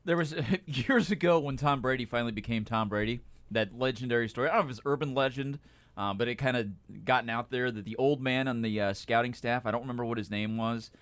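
A man's voice: mid-range voice, fast talker, a bit bright, smooth. A man co-hosting a sports radio show in a studio, telling wry stories and anecdotes about the game. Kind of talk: casual sports talk radio. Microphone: studio microphone.

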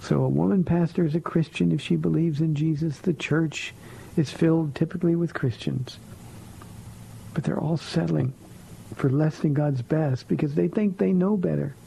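A man's voice: on the high side, steady tone, moderate pace, vocal fry, warm tone, a little hiss or hum, rough recording. A man hosting a radio call-in show as a pastor, answering listener questions about faith in a firm, blunt, plainspoken way from a studio.

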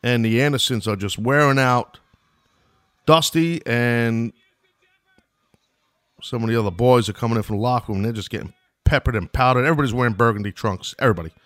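A man's voice: medium pitch, a little fast, pauses often, fairly bright tone, dry recording. Middle-aged new york guy doing loose play-by-play, rambling asides, dry close sound. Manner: loose and chatty, wanders into asides. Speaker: podcast host commenting on an old wrestling match. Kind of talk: casual play-by-play commentary.

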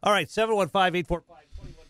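A quick-talking male radio host with a somewhat high voice. He moves things along and announces breaks. The sound is dry and close. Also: fairly bright tone, clean tone, dry recording. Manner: brisk, announcing breaks and phone numbers. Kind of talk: radio call-in talk.

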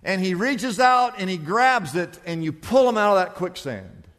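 Male pastor, high voice, emphatic storytelling sermon, echoey hall. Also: big pitch swings, normal speed, a bit bright.

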